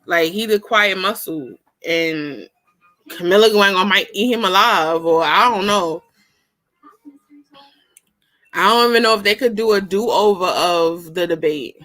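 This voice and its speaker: A woman's voice: lowish voice, moderate pace, a bit bright. A woman casually reviewing a political debate on her own show, slangy and exclaiming, often breaking into laughter. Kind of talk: casual commentary.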